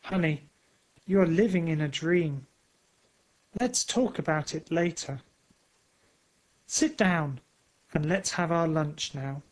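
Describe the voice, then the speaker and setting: A man voicing a kind, practical wife and mother in a storybook, talking gently and reasonably. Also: a little high, takes it slowly, pauses often, poor audio. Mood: coaxing.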